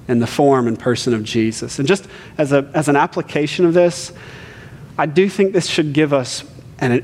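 A man from Ohio, preaching a sermon in a conversational way and often checking in with "right?". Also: a little high. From Ohio, US Midwest. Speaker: pastor. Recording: long hall reverb.

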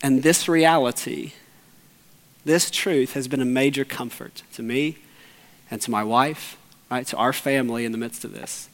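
A man preaching a sermon as pastor, earnest, sinking to hushed low tones and rising to urgent, raised appeals. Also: steady tone, measured pace, big-room sound. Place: church sanctuary.

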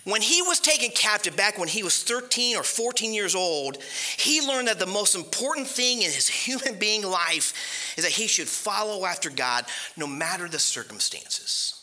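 A man preaching a sermon in an animated, conversational way, asking his listeners questions. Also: sits high, normal speed. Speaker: pastor.

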